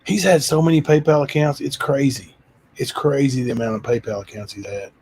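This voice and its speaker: A man's voice: medium pitch, steady tone, brisk, darkish tone, slightly rough. A man hosting his own livestream channel, chatting loosely with frequent fillers. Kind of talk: casual chat.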